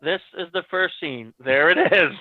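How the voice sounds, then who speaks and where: Excitable high-voiced man on a tinny line. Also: moderate pace, no room sound. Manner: excited, acts out quoted dialogue. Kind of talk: animated storytelling. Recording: dry tinny phone-like audio.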